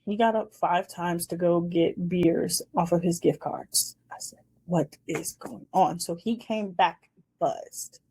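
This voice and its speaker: A woman's voice: lowish voice, takes it slowly, dark tone, husky. A woman in her twenties hosting a casual chat show, animatedly telling a dating story and acting out the scenes. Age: 20s. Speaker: host.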